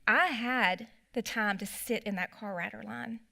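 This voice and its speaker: A woman's voice: mid-range voice, unhurried, creaky, bright, forceful tone. A middle-aged woman, telling stories in a church parenting class and acting out her own remarks. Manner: chatty storytelling with quoted asides.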